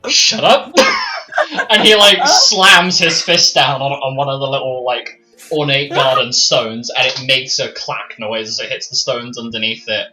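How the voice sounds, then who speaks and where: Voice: mid-range voice, moderate pace, noisy background. A game master casually narrating a tabletop game, rambling and restarting often. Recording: dull lo-fi mic.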